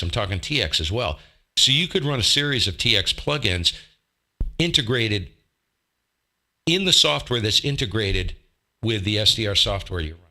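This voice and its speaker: A man's voice: lowish voice, pushed and bright. A man hosting a casual ham radio live stream at his desk mic, rambling and self-deprecating as he asks rhetorical questions. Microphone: desk microphone.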